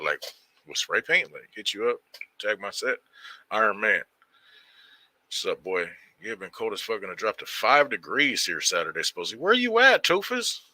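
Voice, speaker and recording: A man hosting a casual livestream, shouting out viewers by name in loose street slang. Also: sits low, no room sound. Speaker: livestream host. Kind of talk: casual livestream chat reading viewer comments.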